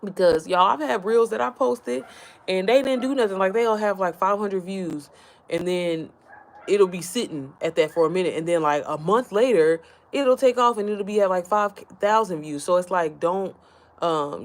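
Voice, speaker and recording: Speaking at a moderate pace in a voice on the low side, a woman who runs an online business talks to her followers from home. Her chat is loose and wandering, drifting off topic and frequently turning to address viewers.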